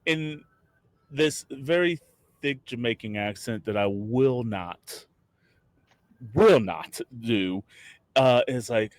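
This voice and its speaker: A man's voice: medium pitch, slow pace, long pauses, no room sound. Male game master, playful, stumbles often; dry, close. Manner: playful, stumbling over words. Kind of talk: narrating a tabletop game.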